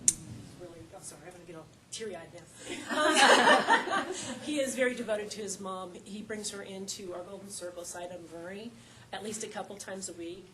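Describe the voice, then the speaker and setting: A woman, a nutrition services manager, giving a presentation at a council meeting in a halting way with many fillers and restarts. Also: medium pitch, noisy background. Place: meeting room.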